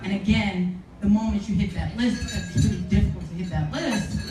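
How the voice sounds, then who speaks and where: A woman guest author telling stories in animated fashion on a live podcast, acting out quotes with laughter. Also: medium pitch, a little fast, background noise. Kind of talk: live podcast interview storytelling. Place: live podcast event before an audience. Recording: roomy venue, distant mic, music behind.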